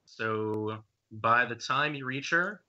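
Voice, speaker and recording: A man narrates a tabletop game, stopping often with ums and uhs. His voice is very bright and a touch forceful, heard through muffled lo-fi stream audio. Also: mid-range voice, slow pace. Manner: hesitant, many ums and uhs. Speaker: game master.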